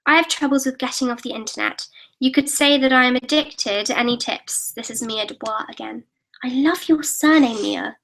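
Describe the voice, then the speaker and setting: A teenage girl hosts a live Q&A from her computer, reading viewer comments aloud and answering in a chatty, giggly way with quick restarts. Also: high voice, a bit bright, rough recording. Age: teens. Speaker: YouTuber hosting a live Q&A.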